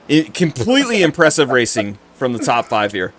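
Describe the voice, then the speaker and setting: Excitable man calling a sim race. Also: medium pitch, normal speed, few pauses. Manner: excitable, exclaims at close racing. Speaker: sim racing commentator. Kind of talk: live race commentary.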